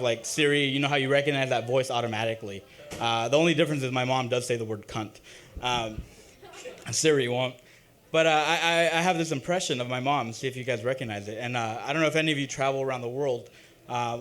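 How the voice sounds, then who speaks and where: A young man performing a halting, self-deprecating open-mic stand-up set, full of ums and uhs. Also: mid-range voice, steady tone, fairly bright tone. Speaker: stand-up comic. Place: open-mic comedy stage.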